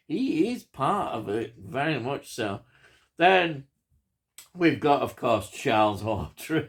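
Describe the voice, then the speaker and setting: A man giving a casual, enthusiastic spoken film review, with frequent ums and chuckles. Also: fairly high pitch.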